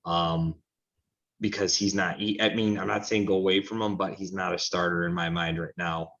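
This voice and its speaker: Man, very deep voice, opinionated soccer talk, rambling, slightly dull recording. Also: fairly even intonation, moderate pace, fairly bright tone. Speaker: co-host of a soccer talk show. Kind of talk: casual sports chat.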